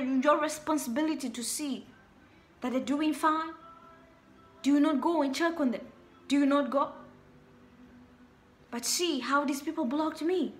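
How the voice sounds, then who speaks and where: A woman's voice: sits high, a little slow, pauses often. A young woman preaching a sermon, repeating her warnings and rhetorical questions with emphasis. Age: young adult.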